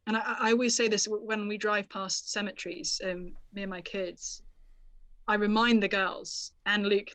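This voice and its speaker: A woman author, a podcast guest, explaining a Bible passage in an animated, storytelling manner. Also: medium pitch, dry recording. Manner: animated storyteller, quotes scripture expressively. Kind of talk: conversational Bible teaching.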